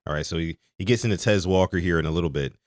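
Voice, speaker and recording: A man hosting a sports podcast, talking to his live chat in an animated way and stressing key words. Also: deep voice, racing, no room sound, clean studio sound. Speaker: podcast host.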